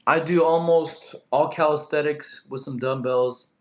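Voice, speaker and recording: A young man from Russia, a fitness streamer reading live chat, animated and quick to get annoyed at spammers. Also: fairly high pitch. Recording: echoey room.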